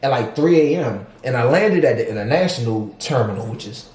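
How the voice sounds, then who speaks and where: Animated slangy American man telling a story. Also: medium pitch, brisk. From United States. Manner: animated, laughing, slangy storyteller doing voices. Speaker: vlog co-host. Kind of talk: casual storytelling chat. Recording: roomy echo.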